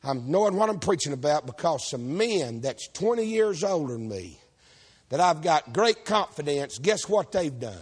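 A man preaching, folksy and shouting, calling on the congregation for amens. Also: fairly high pitch, very animated, normal speed, husky. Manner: folksy, shouting, calls for amen. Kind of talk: fiery preaching with stories. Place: church service.

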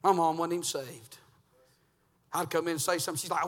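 A man preaching a revival sermon in a church, swinging between hushed, intimate talk and loud, shouted preaching. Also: on the high side, fairly even intonation, brisk, big-room sound. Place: church sanctuary.

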